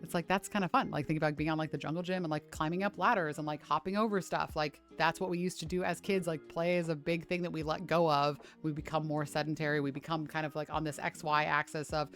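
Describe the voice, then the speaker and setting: A woman's voice: deep voice, fairly even intonation, fast talker, few pauses, faint music behind. A woman fitness streamer chatting casually on a livestream, swearing freely and ranting with lots of "like".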